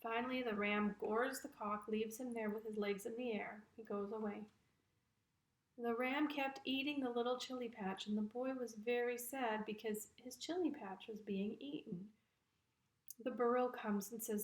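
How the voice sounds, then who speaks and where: A woman's voice: on the high side, measured pace. Woman telling a children's story. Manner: lively storytelling. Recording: roomy echo.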